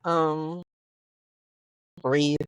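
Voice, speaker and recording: Woman, playful teasing, low voice, dry close sound, casual chat in a car. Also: little pitch movement, very slow, smooth, no room sound. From Latina. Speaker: host's wife, co-host. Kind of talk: casual banter. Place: car while driving.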